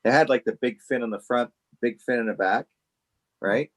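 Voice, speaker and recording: A man telling a story on a casual podcast, animated and laughing as he goes. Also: medium pitch, normal speed.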